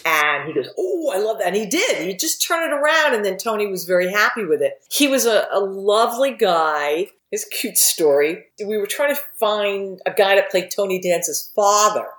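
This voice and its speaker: A woman who writes and produces for TV, telling lively anecdotes in a casual interview and acting out the quotes. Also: medium pitch, normal speed, hardly any pauses. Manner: animated anecdote teller who acts out quotes. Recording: echoey room.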